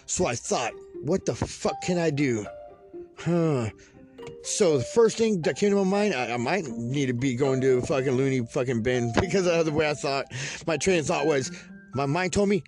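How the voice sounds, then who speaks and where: A man's voice: on the high side, animated, moderate pace, music in the background. A man from California's Central Valley telling a long, rambling, profane story and laughing through it. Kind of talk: casual profane storytelling monologue.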